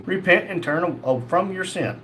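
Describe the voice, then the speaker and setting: A man's voice: high voice, lively intonation, moderate pace, bright, forceful tone, slight background noise. A man hosting a casual livestream, reading chat comments aloud and answering them in a blunt, crude, joking way. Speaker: livestream host.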